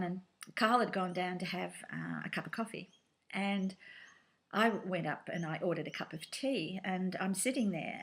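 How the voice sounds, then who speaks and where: A woman recounts a personal memory in an interview, quiet and reflective. She pauses often, with fillers and small restarts. Her pitch sits in an ordinary middle range. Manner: reflective, soft-spoken, hesitant with fillers. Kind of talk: personal storytelling.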